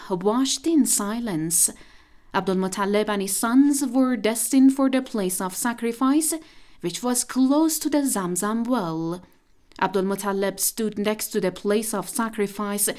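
A woman narrating a radio drama in a steady storytelling manner. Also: a little high.

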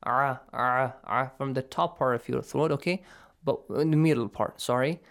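In a radio lesson, a man teaching recitation coaches students patiently and encouragingly, explaining sounds and demonstrating them. He speaks fairly quickly in a creaky, medium-pitched voice.

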